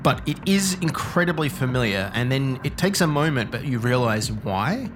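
A man narrating a tabletop game in a deliberate storytelling way. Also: mid-range voice, big pitch swings, background noise. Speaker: game master.

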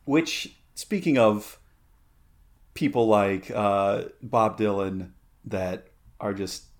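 A man co-hosts a podcast, chatting casually with a friend. His pitch moves around freely and he rambles, stacking fillers and restarting his sentences. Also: animated, takes it slowly. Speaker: podcast co-host. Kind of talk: casual chat.

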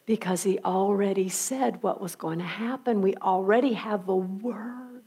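A woman's voice: medium pitch, unhurried, warm tone, slightly rough. A woman preacher retelling scripture in a conversational, emphatic storytelling sermon.

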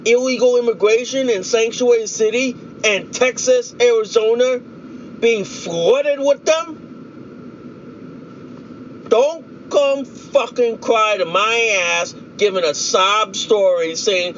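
High-voiced man ranting, profane. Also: slow, fairly bright tone, lo-fi sound, a little hiss or hum. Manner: profane, repetitive, heated ranting. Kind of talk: angry political rant vlog.

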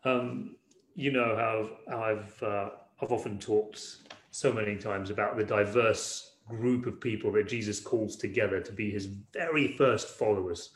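A man's voice: on the low side, a little slow, reverberant. A man preaching a sermon as pastor, in a conversational way, often repeating words as he searches for the next thought.

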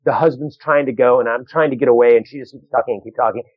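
A man working as a stand-up comedian, telling a story in a casual, animated way, restarting phrases and acting out the people in it. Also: medium pitch, slightly rough, no room sound. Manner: animated, quick restarts, acts out other voices. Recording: dull lo-fi dry recording.

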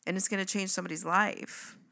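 A woman's voice: medium pitch, fairly even intonation, fast, creaky, pushed and bright. A woman co-hosting a podcast, speaking earnestly and emphatically in casual chat. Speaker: podcast co-host.

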